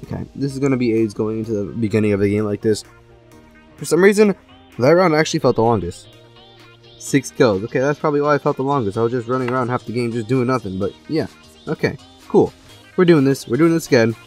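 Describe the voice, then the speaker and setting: A young man giving gameplay commentary, excitable, jumping from loud outbursts to low mumbling. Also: quick pace, faint music behind. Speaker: gaming YouTuber.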